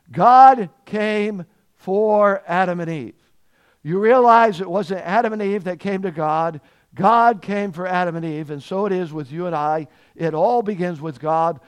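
A man with a high voice delivers a sermon to his congregation. His volume rises hard on the words he stresses and falls to near hush on asides. He keeps asking the people questions as he preaches. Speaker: pastor.

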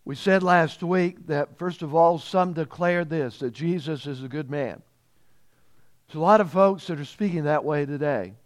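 Emphatic male preacher, somewhat high voice. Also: moderate pace. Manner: emphatic preacher, repeats phrases, swells in volume on key points. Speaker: pastor. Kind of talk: sermon.

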